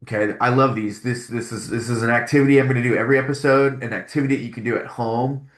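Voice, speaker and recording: A man's voice: mid-range voice, fairly even intonation, quick pace, echoey room. A man hosting a solo parenting podcast, talking earnestly and casually, often restarting and repeating his phrases.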